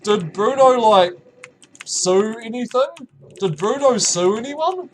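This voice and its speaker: Young new zealand man, high voice, slow easygoing chat, faint keyboard clicks behind. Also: expressive, slight background noise. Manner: laughs often, stumbling restarts, reacts with sudden high exclamations. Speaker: streamer. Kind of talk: casual chat reading chat messages aloud.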